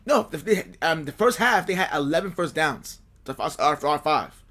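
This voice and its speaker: A man's voice: on the high side, lively intonation, moderate pace, fairly bright tone. A man co-hosting a casual sports podcast, talking animatedly and with frustration, repeating himself as he complains about his team. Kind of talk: casual fan chat.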